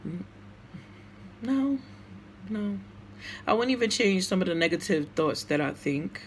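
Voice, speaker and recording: Woman, Brooklyn accent, vlogger, emotional, outspoken, animated, casual to-camera talk. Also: fairly low pitch, unhurried, a little hiss or hum. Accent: Brooklyn, New York. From United States.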